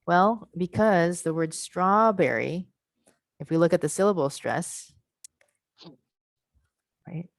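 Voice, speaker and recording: Patiently explaining pronunciation to teachers in an online workshop, she sounds out word segments slowly over video call. The pitch is fairly low, her delivery is expressive, and the audio has no echo.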